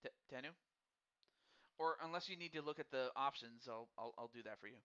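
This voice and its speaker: A man's voice: mid-range voice, a little fast, pushed and bright, clear, resonant tone. A man hosting a live wrestling game stream, chatting casually and friendly with viewers, often stammering and repeating words as he thinks aloud. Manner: friendly and addresses viewers directly. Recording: dull lo-fi recording.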